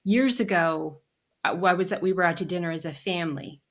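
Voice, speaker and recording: A woman hosting a podcast, chatting warmly and getting emotional as she tells a story. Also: fairly low pitch, a little fast. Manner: warm and emotional when telling stories, chatty. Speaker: podcast host. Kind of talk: casual interview conversation.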